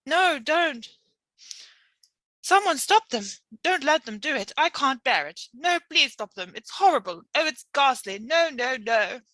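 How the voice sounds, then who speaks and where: Woman doing a posh old queen from a storybook, high and upset, dry close sound. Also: lively intonation, measured pace, a bit bright, no room sound. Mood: distressed. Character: posh elderly queen, distressed by a nightmare.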